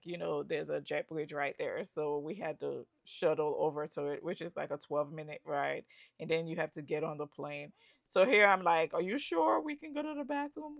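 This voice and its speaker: A woman's voice: deep voice, creaky, no echo, studio quality. A woman telling her travel story in a chatty vlog, with asides to the viewer. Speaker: travel vlogger. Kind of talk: casual travel vlog narration.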